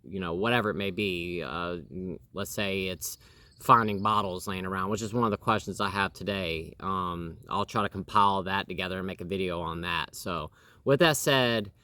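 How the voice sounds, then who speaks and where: A man's voice: sits low, normal speed, pushed and bright. A man in his thirties hosting a casual home interview with his wife, rambling with lots of fillers and restarts.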